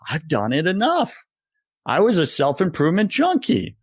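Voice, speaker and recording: A man's voice: on the high side, huge pitch swings, measured pace, breathy edge, dry recording, clean studio sound. A man talking as a guest coach in a casual interview, passionate and preacher-like, acting out voices as he speaks. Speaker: executive confidence coach, guest.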